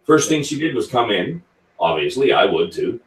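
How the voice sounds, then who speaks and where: A man with a lowish, sing-song voice hosts a relaxed live whisky chat at a moderate pace, reading viewer comments aloud as he goes. He's a whisky channel host, and he sits back from the mic, so the sound is roomy and distant.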